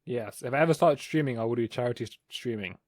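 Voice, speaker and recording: A man's voice: mid-range voice, quick pace, a little mellow, dry recording, studio quality. A young man co-hosting a podcast, rambling and hesitant, often self-deprecating. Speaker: podcast co-host. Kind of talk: casual podcast chat.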